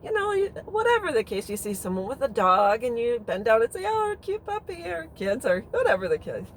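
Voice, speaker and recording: A woman's voice: fairly high pitch, big pitch swings, a little fast, slight background noise, rough recording. A woman telling a personal story in a casual, rambling and frank way. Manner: chatty, rambling, frank with mild swearing. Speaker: vlogger.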